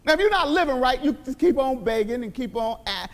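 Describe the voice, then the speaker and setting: High-voiced emphatic preaching man. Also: lively intonation, fairly quick, big-room sound. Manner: emphatic, repetitive, exclaiming hallelujah. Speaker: pastor. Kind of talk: sermon. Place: church sanctuary.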